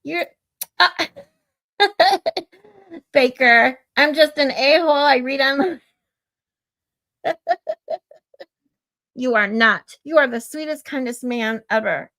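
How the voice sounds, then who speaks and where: A middle-aged woman with a slightly high voice talks casually to her livestream audience. She rambles, drifts into side stories and reads out viewer comments. She laughs easily. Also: moderate pace, pushed and bright. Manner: laughs often. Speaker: livestream host.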